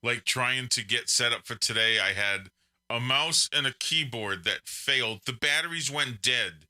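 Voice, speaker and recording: A man's voice: medium pitch, measured pace, bright, forceful tone. A man in his forties, co-hosting a live stream and trading jokes and teasing banter. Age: 40s. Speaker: podcast co-host. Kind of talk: casual live-stream chat.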